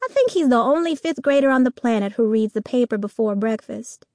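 A woman narrating a children's audiobook in the first person, telling the story with lively energy. Her voice sits high and the recording is dry and close. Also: brisk, hardly any pauses, no room sound.

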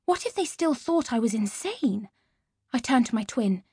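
Woman audiobook narrator, first-person, lively and expressive, breathy, fairly high, dry close studio mic. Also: normal speed, no echo.

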